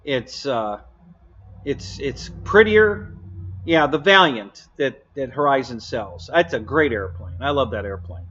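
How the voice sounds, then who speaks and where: A man's voice: mid-range voice, animated, unhurried, a bit bright. Blunt, laughing man on a live stream. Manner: blunt, opinionated, laughs often, answers chat. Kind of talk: casual live-stream chat. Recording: dull lo-fi stream audio.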